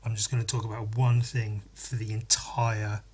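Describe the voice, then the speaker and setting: A man's voice: fairly low pitch, level tone, moderate pace, breathy edge. A man hosting a podcast, rambling through a crude, mock-earnest comedy monologue with giggly asides. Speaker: podcast host.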